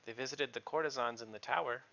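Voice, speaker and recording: A man voicing a hesitant young woman who keeps the stables, speaking in a halting, stammering, apologetic way. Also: medium pitch, gravelly, sharp tone, highs cut off.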